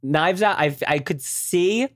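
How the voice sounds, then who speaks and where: A woman's voice: fairly low pitch, takes it slowly, dry recording, studio quality. A woman co-hosting a casual podcast, teasing her co-host with a wry edge.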